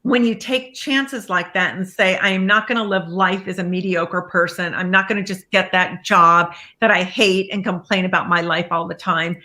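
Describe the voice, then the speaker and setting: A woman, a life coach, being interviewed and telling her story in a lively way, acting out the lines of people she quotes. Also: lowish voice, moderate pace, few pauses.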